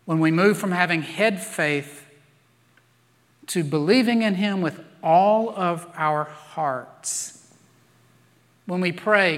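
Man preaching, slow measured delivery, bright tone, long hall reverb. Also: high voice. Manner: storytelling with playful acted-out voices. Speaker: pastor. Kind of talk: sermon.

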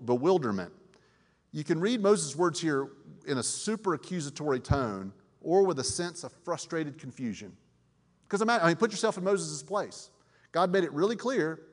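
Man preaching in a reverberant hall. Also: a little high. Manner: conversational, many fillers and restarts, asks the audience questions. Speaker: pastor. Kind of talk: sermon. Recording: long reverb of a large hall.

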